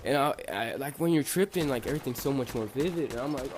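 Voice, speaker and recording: A man's voice: mid-range voice, fast, hardly any pauses. A young man from Bosnia casually telling a rambling, profane story full of fillers and restarts. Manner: laid-back, rambling, profane, lots of fillers.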